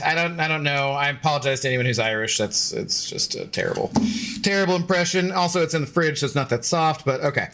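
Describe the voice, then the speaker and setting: A man's voice: fairly high pitch, fast, sharp tone. A man streaming video games, chatting playfully with his dog and his viewers. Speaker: game streamer. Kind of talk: casual live-stream chat.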